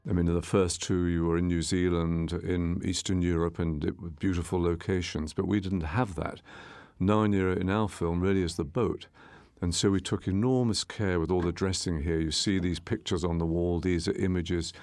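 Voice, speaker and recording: A man, the film's director, giving a measured, explanatory audio commentary with small restarts as he walks through scenes. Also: low voice, steady tone, darkish tone, no room sound. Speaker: film director.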